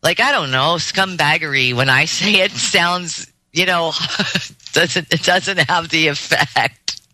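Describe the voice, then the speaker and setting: A male podcast host with an extremely bright, forward voice, rambling through casual talk with many restarts. The sound is dry and close. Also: on the high side, slow, dry recording. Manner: rambling, many fillers and restarts, laughs easily.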